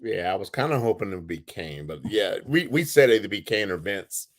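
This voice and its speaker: A man's voice: on the low side, animated, normal speed. A man co-hosting a podcast, answering briefly in casual chat. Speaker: podcast co-host.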